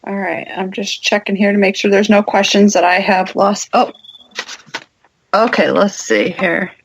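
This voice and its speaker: A woman's voice: mid-range voice, steady tone, a little slow, breathy edge. A woman hosting a casual talk show, speaking in a chatty way with lots of fillers. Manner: chatty, lots of "like" and "you know". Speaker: podcast host. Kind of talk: casual chat.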